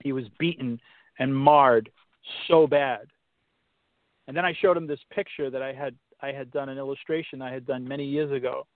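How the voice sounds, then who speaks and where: A man on a podcast telling a faith story casually, halting and restarting, turning preachy when he quotes scripture. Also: medium pitch, steady tone, no echo. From Massachusetts. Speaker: podcast guest. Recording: tinny phone-line sound, dry.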